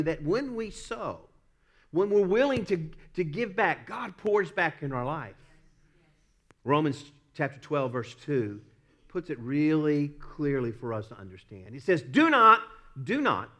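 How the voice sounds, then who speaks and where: A man's voice: fairly high pitch, fairly bright tone. Southern-accented man preaching a sermon. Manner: earnest preaching with self-deprecating laughs and repeated phrases. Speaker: pastor.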